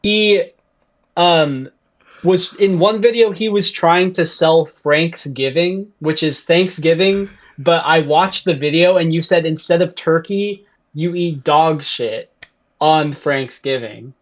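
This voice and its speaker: A man's voice: a little high, takes it slowly, lo-fi sound. A man who is a podcast guest, listing items one by one in casual chat.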